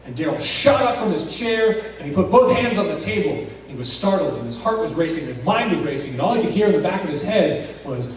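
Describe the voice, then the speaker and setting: A man's voice: high voice, sing-song, a little fast, few pauses, slight background noise. A male pastor telling a story in a sermon, acting out the dialogue as the tension builds. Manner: dramatic storyteller, acts out dialogue with rising intensity. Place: church sanctuary. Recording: echoey church heard from a distance.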